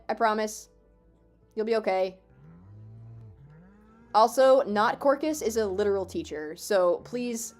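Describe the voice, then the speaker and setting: A woman in her twenties streaming a game, chatting casually with her viewers, swearing freely, excitable and self-mocking. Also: on the high side. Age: 20s. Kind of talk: casual live-stream chat.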